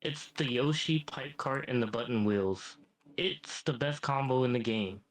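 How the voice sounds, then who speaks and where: An AI voice doing a smug boastful devil. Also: male voice, medium pitch, unhurried, close to an everyday voice, poor audio. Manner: smug, says "mate" a lot. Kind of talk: AI chatbot role-play.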